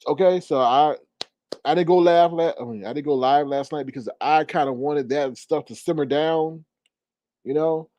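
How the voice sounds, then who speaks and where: Sassy, animated man ranting into a phone. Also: normal speed, a little hiss or hum. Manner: animated, sassy, rises in pitch when riled. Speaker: commentary vlogger. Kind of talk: casual commentary rant.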